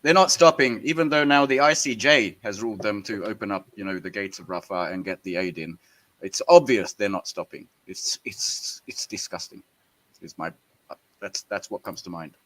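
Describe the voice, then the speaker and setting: A man's voice: on the low side, brisk, fairly bright tone, rough recording. A man co-hosting a political discussion podcast, speaking bluntly and emphatically. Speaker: podcast co-host.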